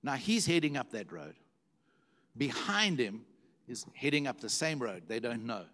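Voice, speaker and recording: A man's voice: mid-range voice, very animated, moderate pace, a bit bright. A middle-aged man preaching a sermon, telling stories animatedly and repeating words for emphasis. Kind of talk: sermon storytelling.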